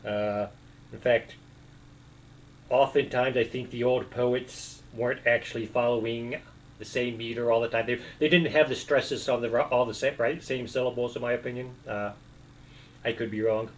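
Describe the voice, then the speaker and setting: A man's voice: medium pitch, steady tone, normal speed, low-quality recording. A man rambling casually as a video host, hesitating often with fillers and restarts, and now and then breaking into short bits of song.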